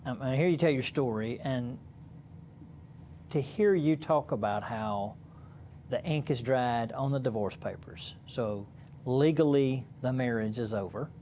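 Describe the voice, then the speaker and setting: A man interviewing a guest for a church program, affirming and animated when he makes a point. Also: medium pitch, unhurried, slight background noise.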